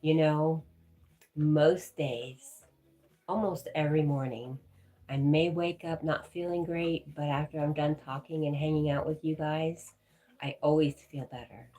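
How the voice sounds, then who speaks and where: A woman's voice: sits low, fairly even intonation, a little slow, dark tone. A woman hosting a livestream, talking casually and affectionately with viewers as she reads and answers their comments. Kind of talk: casual live-chat talk.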